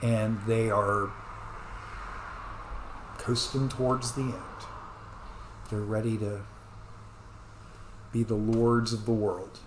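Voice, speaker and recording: Man, commentator, earnest rambling rant with loud bursts, echoey room, faint hiss behind. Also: on the low side, little pitch movement, takes it slowly, pauses often. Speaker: commentator reacting to news clips. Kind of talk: rambling ranting monologue.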